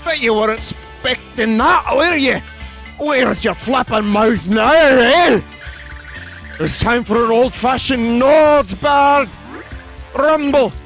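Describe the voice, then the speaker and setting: A squeaky, gravelly blustering brute. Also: male voice, slow pace, a bit bright, faint music behind, heavily acted. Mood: taunting. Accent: mock Irish-Scottish-English mix. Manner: boastful, theatrical bluster. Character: blustering burly bearded male brute fighter. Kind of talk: reading game dialogue aloud.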